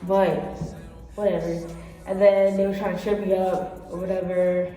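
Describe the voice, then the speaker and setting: A woman's voice: lowish voice, little pitch movement, moderate pace, mellow. A young woman tells a personal story, rambling and full of fillers, sometimes acting out what others said. She sits far from the mic in a very echoey room with a long reverb. Faint music plays behind her. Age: young adult. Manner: rambling, filler-heavy, acts out quotes. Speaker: vlogger. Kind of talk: casual storytelling.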